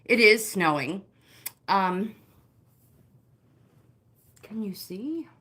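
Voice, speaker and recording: A middle-aged fitness livestream host guides a walking workout, chatty and upbeat, greeting viewers by name and a little out of breath. Her mid-range voice is animated and a bit bright, with drawn-out words, and the recording carries a roomy indoor echo.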